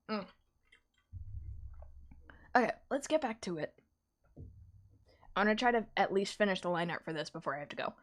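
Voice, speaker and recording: A woman artist chatting casually on a live stream while drawing, animated and laughing often. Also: medium pitch, measured pace, pauses often.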